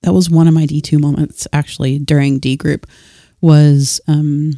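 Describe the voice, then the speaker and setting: A woman's voice: low voice, normal speed, no room sound, studio quality. A woman in her thirties, a podcast guest chatting casually about faith, telling stories animatedly and acting out what people said. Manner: animated storyteller, acts out quoted dialogue; restarts and filler words.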